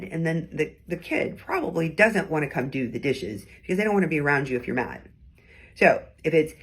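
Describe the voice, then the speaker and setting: A woman's voice: sits low, very animated, normal speed, husky. A middle-aged woman hosting a weekly advice talk, speaking conversationally and acting out short examples of different tones. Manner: conversational, acts out tones in short quoted bits. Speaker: host giving weekly advice. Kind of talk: casual teaching talk to camera.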